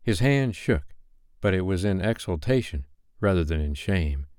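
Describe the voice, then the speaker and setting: A man reading a classic novel aloud as a bedtime story, with expressive, dramatic delivery. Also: low-pitched, normal speed, dry recording, studio quality.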